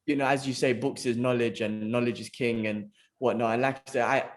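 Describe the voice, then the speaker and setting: A man's voice: mid-range voice, a little fast. A man, co-hosting a podcast in casual chat, telling stories animatedly and swearing freely. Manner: animated storyteller, swears casually, says "bro" a lot. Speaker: podcast co-host.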